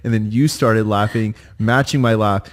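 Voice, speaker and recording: A man's voice: on the low side, fairly even intonation, moderate pace. A man co-hosting a podcast, telling stories in a playful, teasing way and laughing often. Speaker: podcast co-host. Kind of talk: casual chat.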